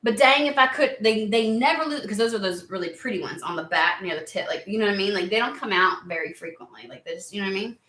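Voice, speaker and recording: A woman chatting excitedly and rambling on tangents during a spiritual card reading video. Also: mid-range voice, quick pace, few pauses. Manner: excitable, rambling, lots of exclamations. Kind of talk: casual chatty reading vlog. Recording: roomy echo.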